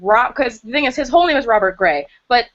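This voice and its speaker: A young woman chatting over a video call, eagerly recapping a story in a lively way. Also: fairly high pitch, fast talker, highs cut off. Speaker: book club member. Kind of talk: casual chat.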